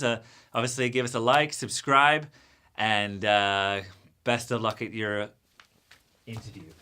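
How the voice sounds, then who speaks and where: A young man giving a mock lecture of absurd interview advice, deadpan, swinging from hushed asides to loud emphatic points. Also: lowish voice, measured pace, long pauses, smooth. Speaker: comic lecturer. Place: green screen studio.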